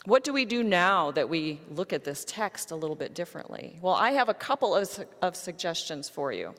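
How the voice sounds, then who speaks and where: A woman pastor delivering a sermon, telling a story to her congregation in a measured way. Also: lowish voice, sing-song, a bit bright, big-room sound.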